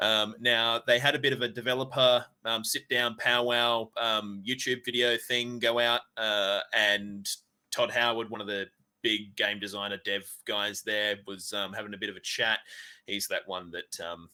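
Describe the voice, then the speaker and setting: A man's voice: lowish voice, flat delivery, moderate pace, sharp tone, smooth. A man co-hosting a casual gaming chat show, rambling with lots of fillers and swearing. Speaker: podcast co-host.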